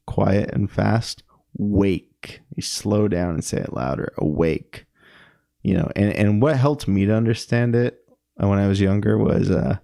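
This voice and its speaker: Man, very low voice, gravelly, dry close sound, halting musing talk. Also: a little mellow, dry recording. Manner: musing, halting, many ums and self-corrections. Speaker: poetry commentator. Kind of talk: casual spoken analysis.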